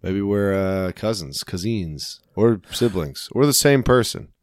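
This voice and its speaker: Low-voiced dude, jokey and rambling, dry close mic. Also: male voice, animated, unhurried, no echo. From United States. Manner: jokey, rambling, laughs often. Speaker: podcast co-host. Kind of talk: casual chat.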